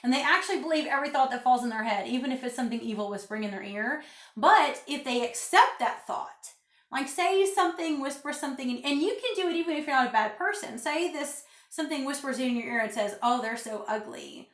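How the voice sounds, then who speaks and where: A woman's voice: high-pitched, animated, quick pace, fairly bright tone, echoey room. Emphatic woman preaching into a phone. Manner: emphatic, preachy, repeats phrases for stress. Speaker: spiritual vlogger. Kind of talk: casual vlog monologue.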